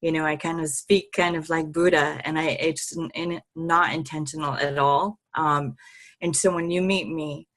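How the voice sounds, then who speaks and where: A woman guest on an interview show, telling stories in a lively, laughing way and swearing freely. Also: deep voice, moderate pace. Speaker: podcast guest, healer. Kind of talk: casual interview storytelling.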